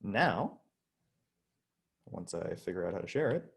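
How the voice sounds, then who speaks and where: A man's voice: low voice, very animated, a little slow, vocal fry, slightly rough. A man teaching a casual online physics lesson, chatty and demonstrating with his body as he explains. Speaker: high school physics teacher.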